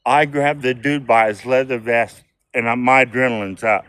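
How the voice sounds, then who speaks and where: An older man in his sixties spins a barroom yarn, cursing freely and chuckling as he goes. His voice sits at an ordinary middle pitch, and the telling is loose and rambling. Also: steady tone, moderate pace, fairly bright tone, clean tone, dry recording. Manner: profane, rambling, laughing as he talks. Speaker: storyteller. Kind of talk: casual storytelling.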